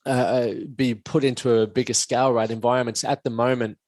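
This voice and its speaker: A man's voice: medium pitch, level tone, fairly quick, a little mellow, no room sound. A man hosting a podcast as a coach, speaking frankly and reflectively with casual swearing. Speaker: podcast host, men's performance coach.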